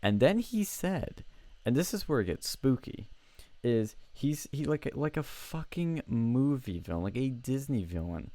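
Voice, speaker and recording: A young man at home tells a story in a casual, animated way. He swears freely and often restarts his sentences. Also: medium pitch, a little slow, no room sound. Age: young adult. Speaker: college student telling a story on a show.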